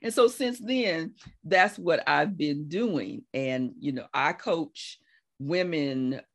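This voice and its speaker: A woman in her sixties, a life coach being interviewed, telling her story in a lively way and acting out what people said. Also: takes it slowly. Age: 60s. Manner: animated storyteller, acts out quotes with big laughing pitch jumps. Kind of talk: conversational interview.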